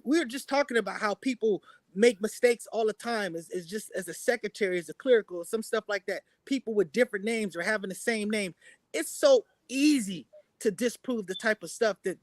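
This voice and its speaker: A man's voice: high voice, no echo. A man in a heated casual debate, dismissive and repeating his points. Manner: repetitive, dismissive.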